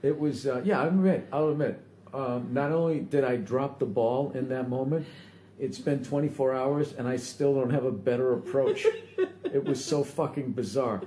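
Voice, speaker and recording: A man's voice: mid-range voice, normal speed, dark tone. A man in casual banter with a co-host, teasing and profane, stammering when flustered. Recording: roomy echo, faint ambient noise.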